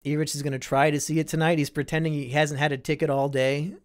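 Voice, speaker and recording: A man's voice: on the high side, little pitch movement, fast talker. Profane, sardonic young man streaming. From Iowa. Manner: profane, sardonic, reacts to chat messages. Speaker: live stream host. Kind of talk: casual live stream chat reading.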